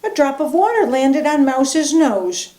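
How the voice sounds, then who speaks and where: An older woman, a grandmother, reading a picture book aloud in a gentle, expressive way. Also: high-pitched, measured pace, reverberant. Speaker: grandmother storyteller.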